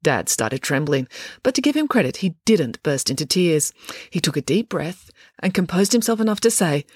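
A woman's voice: on the low side, sing-song, normal speed, husky, no room sound. Lady reading a kids' chapter book, playful, lots of up and down, dry close sound. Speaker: author and narrator. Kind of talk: storybook narration.

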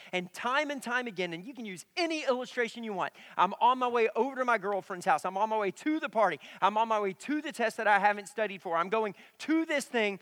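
A young adult man preaching a sermon in a church, telling stories with animation and swinging from loud to hushed. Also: high-pitched. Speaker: pastor.

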